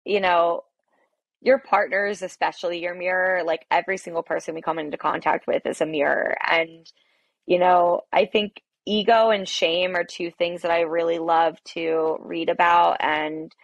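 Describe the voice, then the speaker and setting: A woman's voice: on the low side, fairly even intonation, normal speed, dry recording, lo-fi sound. A woman coffee shop owner, a podcast guest telling her story in a candid, emphatic way. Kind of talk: podcast interview, personal storytelling.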